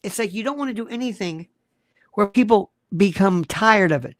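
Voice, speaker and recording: A man's voice: high-pitched, lively intonation, normal speed, dry recording, studio quality. A man hosting a live-stream talk show, delivering an emphatic monologue full of repeated rhetorical questions. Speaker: host.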